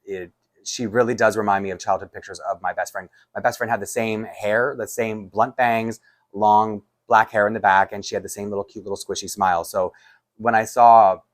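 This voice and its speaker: Chatty low-voiced man. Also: fairly even intonation, normal speed. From Canada. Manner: chatty, rambling, with frequent restarts and laughs. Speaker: doll collector vlogger. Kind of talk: casual chat to camera.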